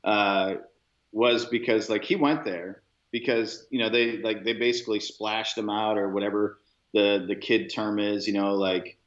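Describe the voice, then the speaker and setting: A man's voice: lowish voice, steady tone, a little slow. Man, podcast co-host, casual rambling chat, roomy echo, muffled lo-fi sound. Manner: rambling, many fillers and restarts.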